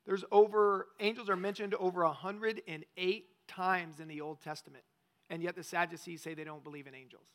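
A man's voice: high-pitched, steady tone, a little fast, a bit bright. A male pastor preaching a conversational sermon, often asking the congregation questions.

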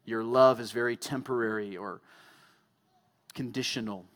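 Guy pastor preaching, lots of questions, measured, mid pitch. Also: steady tone, a bit bright. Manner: searching rhetorical questions, measured. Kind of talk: sermon and closing prayer.

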